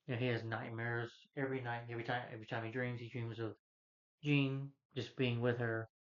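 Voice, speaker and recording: A man's voice: medium pitch, flat delivery. Rambling man retelling a movie plot. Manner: rambling, halting, full of "you know" and restarts. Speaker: movie reviewer. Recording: slightly dull lo-fi recording.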